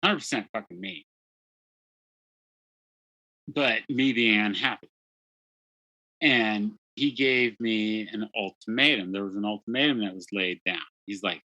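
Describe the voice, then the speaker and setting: A man's voice: lowish voice, a little slow, pauses often, sharp tone, dry recording, poor audio. A man, a podcast guest, telling a candid story with blunt, profane, self-deprecating talk and lots of "dude" and "like". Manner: frequent "dude" and "like" fillers.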